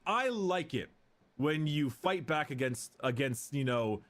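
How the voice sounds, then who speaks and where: A man voicing a grand male emperor in a casual, breezy way, pitched above his own voice. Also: animated, measured pace, fairly bright tone. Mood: pleased. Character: grand cheerful male emperor, pleased and chummy.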